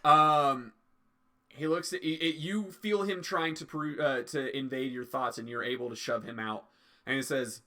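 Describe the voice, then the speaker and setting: A man narrating a tabletop game as game master, in a relaxed way with many fillers. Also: medium pitch, measured pace.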